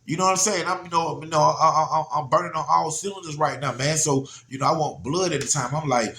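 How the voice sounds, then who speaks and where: A man, from Georgia, telling a personal story in a casual, animated way, often asking "you know what I'm saying". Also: fairly high pitch, quick pace, hardly any pauses. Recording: roomy echo.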